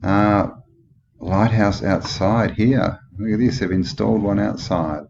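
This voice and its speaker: Speaking a little slowly, an Australian channel host with a deep voice muses aloud in rambling commentary over old photos, skeptical and full of questions as he thinks things through. The audio is dull and lo-fi, and background noise is clearly heard.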